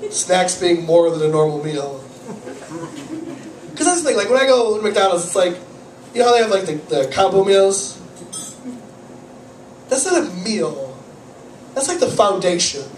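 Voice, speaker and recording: Pausing often, a man with a cold delivers self-deprecating, rambling stand-up laced with profanity and anxiety, his high-sitting voice very animated at a moderate pace. A distant camera in the audience area of a small cafe comedy night picks him up amid echo and audible noise.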